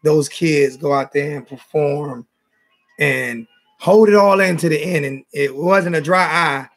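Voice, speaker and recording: A man's voice: a little high, measured pace, faint music behind. A man hosting a casual fan call-in show in a Southern US accent, loose and repetitive, often restarting his sentences.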